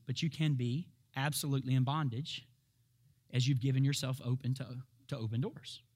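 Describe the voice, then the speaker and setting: A man preaching a sermon, emphatic and full of rhetorical questions, laughing at times and building up to shouted peaks. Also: mid-range voice.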